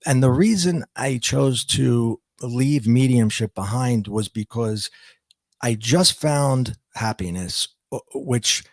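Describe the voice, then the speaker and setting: A middle-aged man with a gravelly, creaky voice recounts a personal story as a podcast guest. He speaks reflectively and haltingly, often restarting and repeating words. The sound is dry and close. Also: mid-range voice, no room sound.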